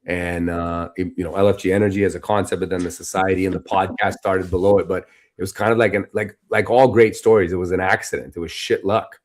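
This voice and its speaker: A man with a low, deep voice, speaking as a podcast guest. He tells his story casually and with energy, leaning on easy filler phrases as he goes. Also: quick pace. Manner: animated, loose and conversational, full of "you know" and "like".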